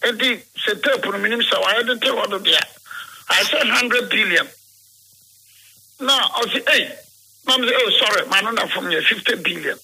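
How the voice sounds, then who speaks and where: High, bright Ghanaian man rambling. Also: normal speed, slightly rough, low-quality recording. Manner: rambling, switches between English and Twi, acts out quoted dialogue. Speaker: interviewee.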